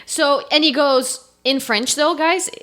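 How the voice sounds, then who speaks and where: Animated, high-voiced Canadian woman podcaster. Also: unhurried. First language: Italian. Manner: animated storyteller, acts out the dialogue. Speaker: podcast co-host. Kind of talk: casual chat.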